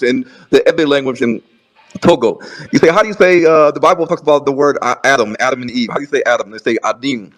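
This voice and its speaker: A man's voice: medium pitch, rough recording. Man arguing in a rambling debate. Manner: repeats words, many restarts, rapid lists of words. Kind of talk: debate argument.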